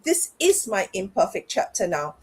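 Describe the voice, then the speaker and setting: A woman's voice: mid-range voice, sing-song, moderate pace, husky. A middle-aged woman, a parenting and life coach, talking candidly and reflectively as an interview guest. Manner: reflective, talks herself through things aloud.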